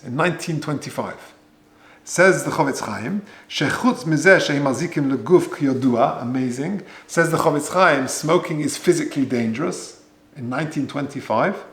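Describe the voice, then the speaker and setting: Gravelly rabbi teaching Torah. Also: male voice, a little high, a bit bright. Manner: conversational, mixes Hebrew and Yiddish terms, rhetorical questions. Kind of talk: Torah lecture. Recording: echoey room.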